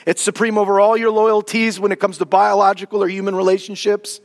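Man, pastor, sermon, fairly high voice, long church reverb, animated casual asides. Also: brisk. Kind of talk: sermon with prayer. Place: church sanctuary.

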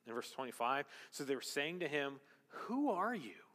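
A man preaching a sermon as pastor, emphatic, rising to loud, high exclamations and dropping to quiet, low stretches. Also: sing-song, moderate pace. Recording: long reverb of a large hall.

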